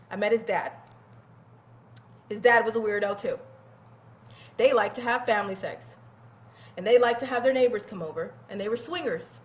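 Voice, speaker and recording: Candid, swearing woman telling a story. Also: medium pitch. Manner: candid, animated, swears freely and laughs often. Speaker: guest telling her life story. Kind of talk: casual storytelling.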